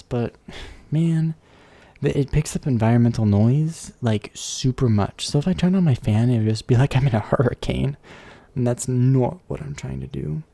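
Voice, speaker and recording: Casting: male streamer, mid-pitched, gravelly, dark tone, loose rambling live-stream chat at a desk mic. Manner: rambling, chatty, playful asides. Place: warm room at home. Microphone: desk microphone. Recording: slight background hum.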